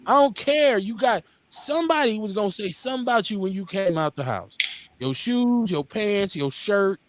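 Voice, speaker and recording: A man's voice: high-pitched, moderate pace, noisy background. A man in his forties from Milwaukee, hosting a casual talk radio show, blunt and profane, acting out the people in his stories. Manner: animated storyteller, acts out quotes.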